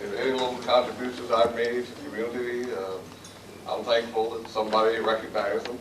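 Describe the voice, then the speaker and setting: A man's voice: mid-range voice, level tone, brisk, noisy background. Man joking through an award speech. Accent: Midwestern American. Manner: folksy, self-deprecating, joke-telling. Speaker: award recipient giving a speech. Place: banquet room. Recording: echoey hall taped from far off, loud crowd. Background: crowd murmur and laughter.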